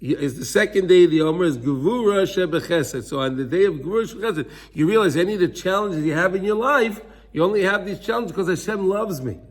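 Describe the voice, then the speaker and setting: High-voiced and animated, this man talks briskly with few pauses while teaching Torah. His explanations are earnest, sprinkled with Hebrew, and he voices characters in little enacted scenes.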